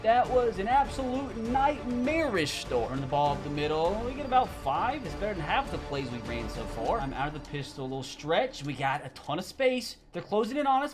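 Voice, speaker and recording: Young dude doing play-by-play on his own game, exasperated and groaning, music going in the background. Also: sits high. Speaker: gaming YouTuber. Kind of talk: live game commentary.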